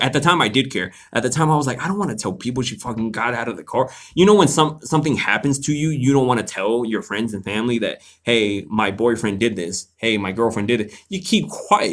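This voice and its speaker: A man hosting a live Q&A, casually telling a story to his viewers, animated, laughing often and swearing freely. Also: mid-range voice. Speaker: host of a live Q&A stream.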